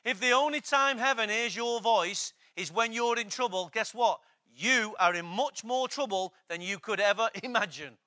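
A man's voice: sits high, normal speed, few pauses, bright, forceful tone. A man preaching a sermon, emphatic, repeating key phrases and asking the congregation questions.

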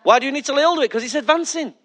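A man's voice: extremely high pitch, rapid-fire, fairly bright tone. A male pastor preaching a sermon emphatically, repeating key lines and putting questions to the congregation.

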